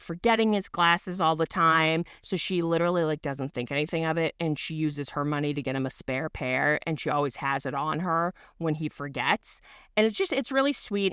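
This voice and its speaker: A woman in her thirties, a podcast co-host, telling a long story in casual chat, animated and full of fillers and swearing. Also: low-pitched, clear, resonant tone, no room sound, clean studio sound. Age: 30s.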